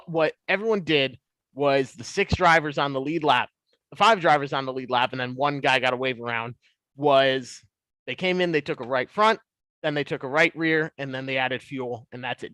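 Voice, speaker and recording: Bright-voiced young man telling stories. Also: mid-range voice, normal speed, no room sound. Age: 20s. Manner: animated, laughs while telling stories. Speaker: podcast guest. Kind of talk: casual storytelling.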